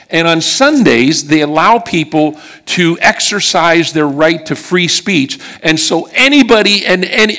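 A man's voice: a little high, sharp tone. A middle-aged man from western Pennsylvania preaching a sermon, telling a personal story in a chatty way and checking in with the congregation as he goes.

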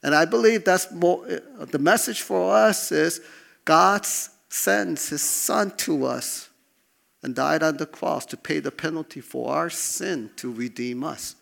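Guy preaching, gravelly voice a bit high, keeps asking okay?. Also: unhurried, a bit bright. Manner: preaching with call-and-response prompts, frequent "okay?". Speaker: pastor. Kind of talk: sermon.

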